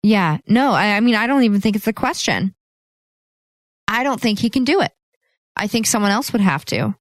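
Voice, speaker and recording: A woman's voice: medium pitch, moderate pace, dry recording, studio quality. A woman in her twenties co-hosting a podcast, chatting casually and laughing often. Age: 20s. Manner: chatty, giggly, animated. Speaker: podcast co-host. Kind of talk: casual chat.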